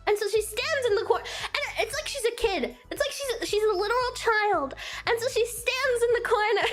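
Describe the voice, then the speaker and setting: A woman's voice: very high voice, fairly bright tone. A young woman streamer giggling and rambling through a casual movie recap. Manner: giggly, rambling, with many restarts. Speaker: VTuber streamer.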